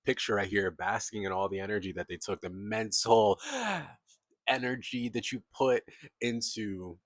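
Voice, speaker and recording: A man's voice: lowish voice, fairly even intonation, moderate pace, no echo. A man giving a casual, chatty tarot reading, laughing often and acting out the voices of the people he describes. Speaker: tarot reader.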